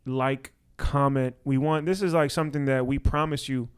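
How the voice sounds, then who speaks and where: A young man co-hosting a podcast in casual, joking chat, full of quick restarts. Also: mid-range voice, steady tone, clear, resonant tone. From Washington D.C. area. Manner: hyped, joking, talks fast with restarts. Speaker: podcast co-host.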